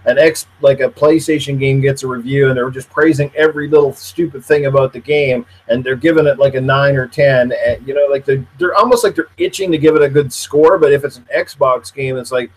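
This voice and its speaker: A man's voice: mid-range voice, fairly even intonation, a little fast, hardly any pauses, poor audio. A man in casual podcast chat, steadily explaining his view with examples. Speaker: podcast guest.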